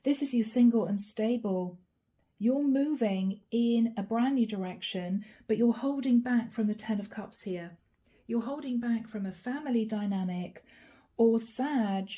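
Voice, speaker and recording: A woman giving a channeled tarot reading straight to her viewers, chatty and friendly, slowing down to name each card. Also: a little high, dark tone. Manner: chatty, addresses viewers directly, slows to name cards. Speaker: tarot reader.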